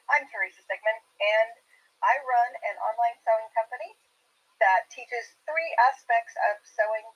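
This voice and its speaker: A woman's voice: a little high, slightly rough, lo-fi sound. A woman introducing herself as an online sewing teacher in an upbeat, humorous way on a video call. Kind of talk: casual self-introduction.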